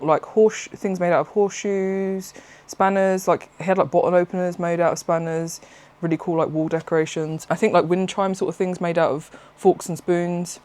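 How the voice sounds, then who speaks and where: Chatty craft vlogger, rambling. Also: medium pitch. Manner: rambling, excitable, self-interrupting, laughs often. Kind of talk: casual chatty vlog.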